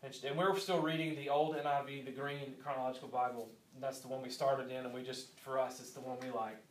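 A pastor in his thirties talks fast in a medium-pitched, level-toned voice as he gives an earnest sermon, stressing key lines by repeating them. The mic is far away, and the church sanctuary adds a strong echo.

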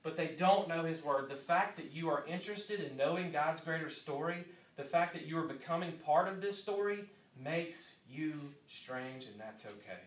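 Man, pastor, earnest sermon, slightly high voice, echoey room, a bit off-mic. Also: moderate pace, hardly any pauses, distant mic. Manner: earnest, repeats key lines for emphasis. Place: church sanctuary.

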